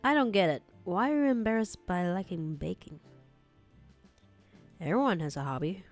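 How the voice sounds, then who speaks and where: A woman's voice: on the low side, expressive, moderate pace, faint music behind. Dry, sarcastic young woman reading a script. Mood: casual. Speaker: hobby voice actor reading a romance script. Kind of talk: voice acting practice reading.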